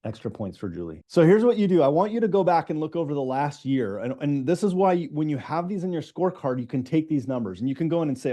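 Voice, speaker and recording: Man, middle-aged, business coach, live online session, talks fast, mellow dark voice. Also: a little high, sing-song. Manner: fast-talking, asks the audience questions.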